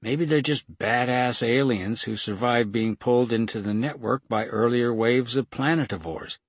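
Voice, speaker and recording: Audiobook side character: uncertain, speculative male informant, read by the narrator, husky and dry. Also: medium pitch, normal speed, no echo. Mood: musing. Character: earnest, rambling male informant.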